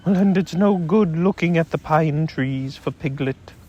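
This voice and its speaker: A man voicing a gentle, muddled male teddy bear who talks in an earnest, puzzled way in a storybook reading. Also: on the high side, measured pace, muffled recording, slight background noise, natural voice.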